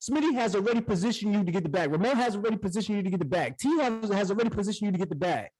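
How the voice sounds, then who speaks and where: A man hosting an online community call, excitedly hyping the audience in casual slang. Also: sits high, very fast, poor audio. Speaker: host of a community accountability call. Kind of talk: hype-style hosting on an online group call. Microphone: online call microphone.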